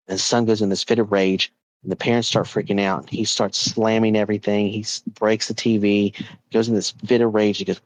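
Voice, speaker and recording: A podcast host with a low voice tells a story about a haunted object in a chatty, animated way, building tension with lots of casual filler words. He talks fairly quickly. The recording is dry and close with no echo, but the quality is low.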